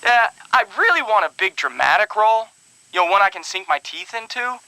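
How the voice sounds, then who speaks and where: A man's voice: high-pitched, expressive, fairly quick, pushed and bright, clear, resonant tone, no room sound, heavily acted, rough recording. An actor playing a vapid male celebrity who rambles vaguely while calling in to a radio show. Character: dim, self-absorbed male celebrity actor. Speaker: caller.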